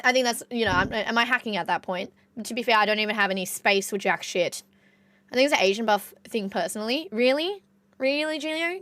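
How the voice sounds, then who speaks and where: A woman's voice: on the high side, a bit bright, no echo. A young Australian woman streamer with an Australian accent, chatting casually with her viewers, reading chat aloud and swearing now and then.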